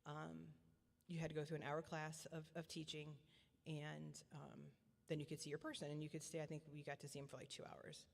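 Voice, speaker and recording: A middle-aged woman giving a personal testimony as a parent, earnest and repetitive, often halting and restarting her sentences. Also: low voice, flat delivery, gravelly. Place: church hall. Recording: long church hall reverb.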